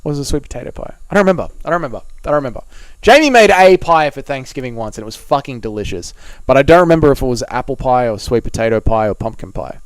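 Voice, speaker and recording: A man's voice: mid-range voice, lively intonation, racing, no echo. A young Australian man reading out and answering chat messages on a live stream, swearing and bantering in a blokey way.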